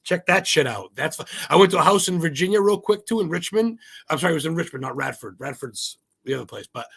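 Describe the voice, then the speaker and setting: A man from Maine, a podcast guest, talking in a rambling, excitable way and swearing freely. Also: fairly high pitch, quick pace, vocal fry, slightly rough. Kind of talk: casual interview chat.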